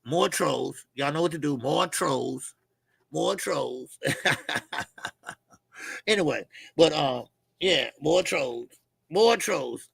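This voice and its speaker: Gravelly-voiced man rambling on a livestream. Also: on the high side, lively intonation, slow pace, long pauses, no room sound. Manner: loose, rambling, many fillers and repeats. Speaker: livestream host. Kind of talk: casual live chat reading comments.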